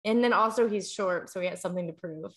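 A young woman co-hosting a podcast, wry and quick with jokes and questions. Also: mid-range voice, a bit bright. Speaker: podcast co-host. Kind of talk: casual podcast chat.

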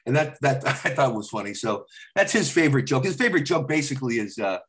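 A man's voice: medium pitch, fast. A middle-aged man, a comedian, telling stories in casual chat and acting out the lines of the people in them. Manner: animated storyteller acting out his dad's lines. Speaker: comedian guest.

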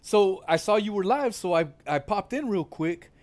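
A man's voice: high-pitched, animated, moderate pace, darkish tone. A man joining a livestream as a friend, talking in indignant casual chat with lots of swearing and fillers. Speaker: guest on a livestream.

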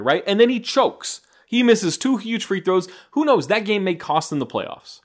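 A man co-hosting a podcast, talking basketball in a loose, animated way, cursing casually and laughing often. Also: high-pitched, moderate pace, hardly any pauses. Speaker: podcast co-host. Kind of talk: casual sports chat with banter.

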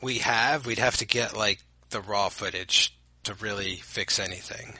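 A man's voice: fairly low pitch, measured pace, bright, forceful tone, slightly rough, dry recording, poor audio. A man co-hosting a podcast, chatting about a movie with easy laughs and wry quips. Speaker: podcast co-host. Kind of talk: casual movie commentary chat.

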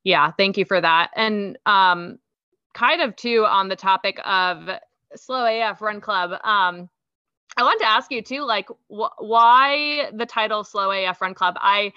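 A woman's voice: mid-range voice, a little slow, bright, forceful tone, clean tone, dry recording, dull audio. A woman hosting a podcast interview, chatty and casual, with frequent ums and restarts. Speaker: podcast host.

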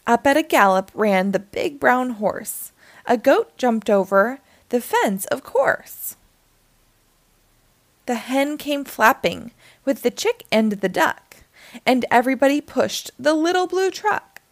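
Reading a children's picture book aloud, a woman uses a sing-song, expressive storyteller's voice that's a little high. She takes it slowly, and the recording is dry.

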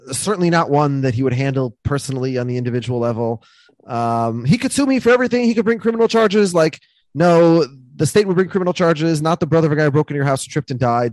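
A man's voice: mid-range voice, darkish tone, no room sound. A male podcast co-host in casual chat who argues and picks holes in a TV plot. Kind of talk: casual chat about a TV episode.

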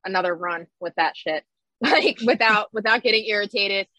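A woman's voice: mid-range voice, moderate pace, sharp tone, no room sound, rough recording. A woman co-hosting a casual podcast chat, blunt and ranting, laughing often. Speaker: podcast co-host.

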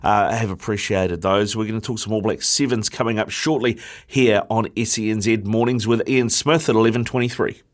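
A man's voice: lowish voice, steady tone, brisk, hardly any pauses. A man hosting a radio show, chatting in an easygoing, matey way. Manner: matey, easygoing, says mate often. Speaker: radio host. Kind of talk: casual radio chat.

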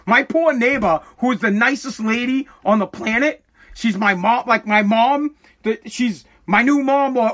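A forty-year-old man hosting his podcast from a home basement, ranting angrily and profanely, bursting into yelling, his throat scratchy from dust. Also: high-pitched. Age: 40s. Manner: aggravated, swearing, bursts into yelling. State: throat irritated by dust, coughing. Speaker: podcast host. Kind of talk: angry profane rant.

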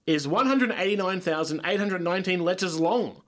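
Punny young man, slightly high voice. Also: unhurried. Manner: upbeat, punny, relaxed storytelling. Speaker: radio co-host. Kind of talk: casual community radio chat.

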